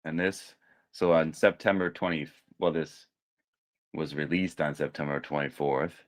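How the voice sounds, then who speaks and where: A man co-hosting a casual podcast chat, speaking in a steady, earnest way. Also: very deep voice, unhurried. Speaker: podcast co-host.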